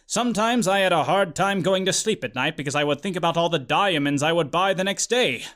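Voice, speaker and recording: A man's voice: high voice, brisk, fairly bright tone. A man voicing a dim, self-absorbed male wizard professor who talks in an offhand, mumbly, clueless way. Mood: rambling.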